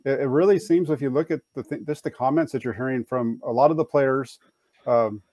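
A man on a sports talk panel, thoughtful and a little halting. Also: medium pitch, a little mellow, no echo.

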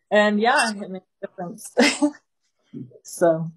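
A woman leads a small group with casual, lively stories, breaking into laughter again and again. Her voice sits at a middle pitch. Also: takes it slowly, husky, low-quality recording. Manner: animated, laughing often while telling stories. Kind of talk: casual storytelling teaching.

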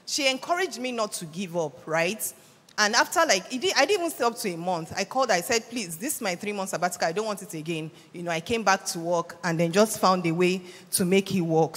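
A middle-aged woman with a Nigerian accent, giving a motivational conference talk and acting out the people in her stories. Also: medium pitch. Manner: animated storytelling, acts out quoted voices. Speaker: conference speaker. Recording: reverberant hall.

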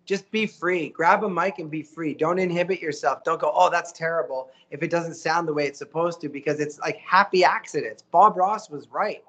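A middle-aged voice actor chatting as a guest, animated and motivational, often acting out the quotes he tells. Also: on the high side, moderate pace, hardly any pauses, husky, muffled recording. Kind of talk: casual interview chat.

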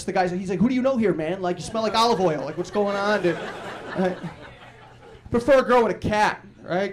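A young man doing a stand-up comedy set on a club stage, brash and quick with punchlines and crowd banter. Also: sits high, slight background noise.

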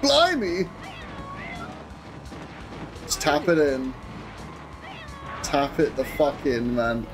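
A young man commentating his own live game stream, excitable, swearing and chatting to viewers over game music. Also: mid-range voice, takes it slowly, pauses often.

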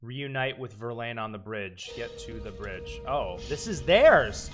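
A man casually commenting while he streams a video game, excitable, swearing and talking to the game. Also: medium pitch, measured pace, hardly any pauses. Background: loud game music.

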